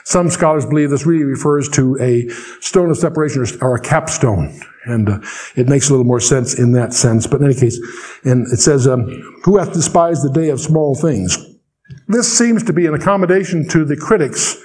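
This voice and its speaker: An older man teaching the Bible verse by verse. He reads scripture slowly and explains it with dry asides. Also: mid-range voice, a little mellow.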